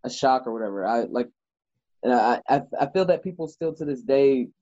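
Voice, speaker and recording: A man's voice: medium pitch, a little fast, no echo, muffled recording. A man, a wrestler guest, telling stories in a casual interview with lots of filler words. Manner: animated storyteller, lots of "like" fillers.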